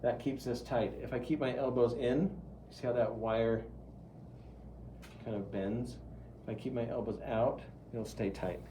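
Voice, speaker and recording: A middle-aged man gives a live wheel-throwing demonstration, chatting as he talks students through each step of the pottery. His medium-pitched voice is unhurried, dark, and fairly even, with slight background noise.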